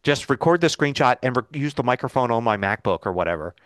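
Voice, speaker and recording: A man's voice: medium pitch, lively intonation, fast talker, fairly bright tone, dry recording. A man co-hosting a podcast, chatting casually in a rambling way with many fillers, recorded in a home studio. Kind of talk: casual chat.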